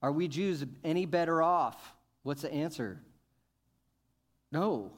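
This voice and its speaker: A male pastor preaching a sermon, asking questions and building to emphatic, loud points. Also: a little high, animated, slow. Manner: rises to emphatic, loud peaks, asks the congregation questions.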